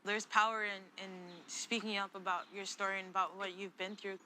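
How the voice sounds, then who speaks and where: A young woman guest speaks earnestly about her own story, sincere and unhurried in tone. She is recorded outdoors in a city garden, with traffic and street noise clearly audible. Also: medium pitch, level tone, bright, forceful tone. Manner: earnest, sincere, with you-knows. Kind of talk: personal story in an interview.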